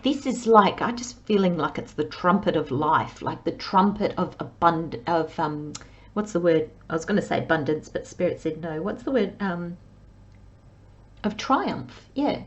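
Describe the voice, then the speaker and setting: Woman, tarot reader, unhurried, rambling, a bit muffled. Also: mid-range voice. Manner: chatty, acts out worried inner voices, frequent fillers. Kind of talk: monthly tarot reading monologue.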